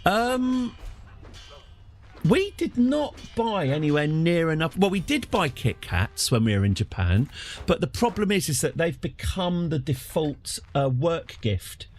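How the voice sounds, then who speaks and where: A middle-aged man chats through a live game stream in a wry, self-deprecating way, dropping in plenty of fillers. His pitch jumps about a lot as he talks, which gives his commentary a lively, animated feel. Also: unhurried. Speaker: streamer, host of the channel. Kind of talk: casual live-stream commentary while playing a strategy game.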